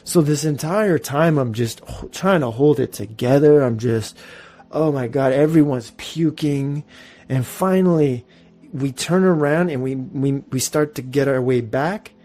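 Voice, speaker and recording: A man in his thirties hosting a podcast, telling a story in an animated, profane, casual way. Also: mid-range voice, unhurried, soft background music. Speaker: podcast host.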